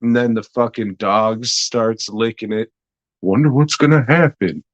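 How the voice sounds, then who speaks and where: Young guy doing a chill sweary review, talks slow, dry close mic. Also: mid-range voice, no echo, rough recording. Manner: laid-back, meandering, lots of swearing and fillers. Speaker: podcast host reviewing a TV episode. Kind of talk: casual, profane review chat.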